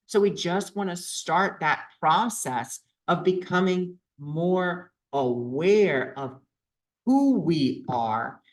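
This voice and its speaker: A man vlogging a reflective self-help talk, earnest and repetitive as he works through his feelings out loud. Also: a little high, expressive, slow pace, low-quality recording.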